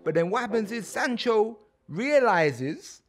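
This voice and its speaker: A man's voice: sits high, measured pace, soft background music. A man from England, a comedian telling history as a tipsy comic story, slangy and acting out the characters. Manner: animated slangy, acts out characters.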